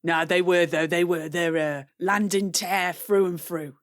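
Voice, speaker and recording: A woman's voice: fairly low pitch, steady tone, measured pace, close to an everyday voice. A woman playing a boastful, rambling raven lad in a put-on Cockney accent who keeps saying "innit". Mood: earnest.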